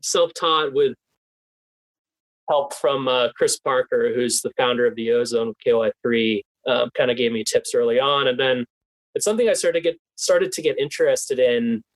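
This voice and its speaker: A young adult man being interviewed as a guest in a casual chat, animated and laughing often as he restarts his sentences. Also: mid-range voice, normal speed, no echo, poor audio. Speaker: guest, team PR specialist.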